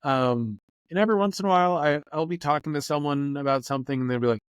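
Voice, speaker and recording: A man, a news anchor, telling lively anecdotes as a podcast guest and acting out the people he quotes. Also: a little high, quick pace, clear, resonant tone, no echo. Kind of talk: casual interview storytelling. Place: lives in Florida.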